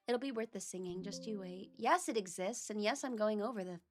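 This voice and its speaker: A woman's voice: mid-range voice, brisk, hardly any pauses, soft background music. A woman streamer chatting casually on a livestream, talking to herself as she searches for files. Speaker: VTuber streamer.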